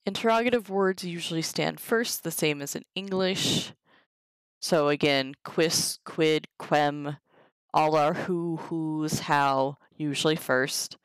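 A woman reading through a Latin textbook on a live stream, sounding out the Latin slowly and chatting casually to viewers between sentences. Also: deep voice, clean tone, no room sound, poor audio. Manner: reads Latin aloud slowly, chatty asides. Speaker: streamer teaching herself Latin.

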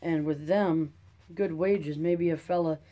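Audiobook: reader as folksy, rambling old farmer, mellow tone. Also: mid-range voice, steady tone, slow, close to an everyday voice. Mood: hopeful. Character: weary old Dust Bowl farmer, talkative man. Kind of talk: audiobook character reading.

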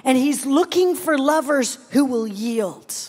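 A middle-aged woman preaching a sermon with personal testimony, animated and playful, dropping to hushed tones between exclamations. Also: high-pitched, a little slow. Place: large event hall, live audience.

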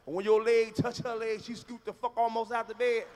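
A man doing a loud, profane stand-up routine on stage, telling stories with shouts and acted-out moans. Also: very high voice, level tone, a little fast, slight background noise. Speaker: stand-up comedian. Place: large live venue on stage.

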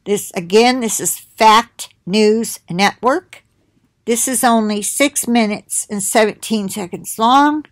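Slow, rambling woman talking to viewers. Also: a little high, dry recording. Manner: slow, rambling, reads titles aloud with asides. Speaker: video host sharing links. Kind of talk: casual monologue to viewers.

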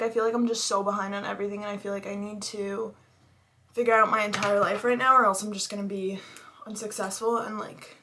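A woman's voice: mid-range voice, pushed and bright, a little hiss or hum. A young woman vlogging casually at home, talking to a handheld camera in a rambling, self-deprecating, anxious way. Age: young adult. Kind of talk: casual vlog chat. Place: home, indoors.

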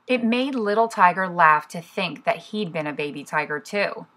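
A woman, a preschool teacher, reading a picture book aloud to young children in an expressive storybook manner. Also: fairly low pitch, moderate pace, few pauses.

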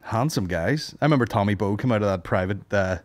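A man's voice: lowish voice, lively intonation, a little fast. A young man with a Northern Irish accent, co-hosting a comedy podcast and telling rambling, sweary stories. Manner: rambling storyteller, swears a lot, puts on voices for quotes. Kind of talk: casual banter.

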